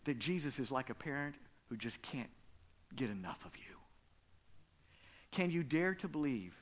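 A man preaching a sermon as pastor, telling stories and dropping from loud emphasis to hushed whispers. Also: mid-range voice. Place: church.

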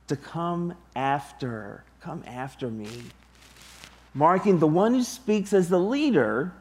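A man preaching a sermon to his congregation, deliberate and emphatic, with long pauses. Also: a little high. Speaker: pastor.

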